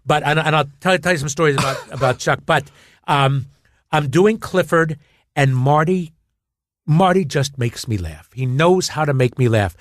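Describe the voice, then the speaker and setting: In a casual interview, a male guest with a somewhat high voice spins anecdotes at a moderate pace, stammering and starting over as he acts them out with animation. The sound is dry and of studio quality.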